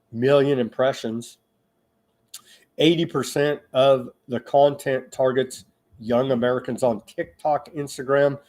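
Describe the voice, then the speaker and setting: Male online news host, slow and measured, reads reports with halting asides and bursts into loud emphatic appeals. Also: medium pitch. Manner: grows loud and emphatic when addressing listeners. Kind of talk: reading and commenting on news reports.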